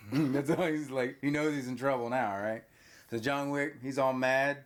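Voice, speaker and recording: A man's voice: mid-range voice, unhurried. Man casually recapping a movie plot. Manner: animated, retelling plot and prompting with questions. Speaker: podcast host.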